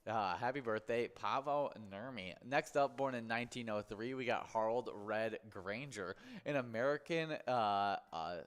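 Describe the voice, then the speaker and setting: A man's voice: mid-range voice, normal speed, few pauses, smooth. A man hosting a bingo livestream, chatting casually and reading out celebrity birthdays with many fillers and restarts.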